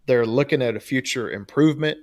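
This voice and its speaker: Fairly quick and a little mellow, this mid-range male voice belongs to a co-host of a laid-back trade podcast. He rambles loosely through the casual chat and laughs frequently.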